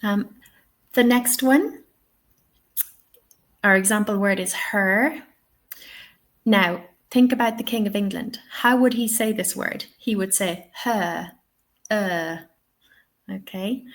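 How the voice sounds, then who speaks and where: This webinar host, a woman with an Irish accent and a medium-pitched voice, speaks a little slowly. Her live online English lesson covers the vowel sounds one by one, each patiently explained and modelled.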